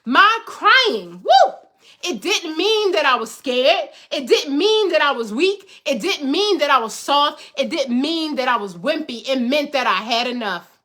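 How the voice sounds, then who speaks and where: A woman's voice: high voice, animated, unhurried, bright, forceful tone. A middle-aged woman host giving an emphatic motivational talk to viewers, repeating phrases for rhythm like a preacher. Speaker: host, life coach.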